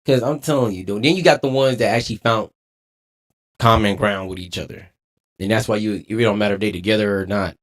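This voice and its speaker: A man's voice: lowish voice, fairly quick. Laughing man ranting on stream. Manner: laughing, animated, preachy rants. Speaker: streamer reacting to a clip. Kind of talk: casual reaction commentary.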